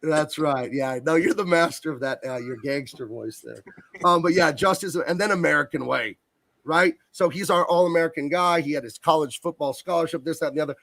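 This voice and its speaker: A man's voice: fairly high pitch, a little fast, creaky, fairly bright tone, no room sound. A man who colors comics, talking enthusiastically and at length about his work as a guest on a video call. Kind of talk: casual interview chat.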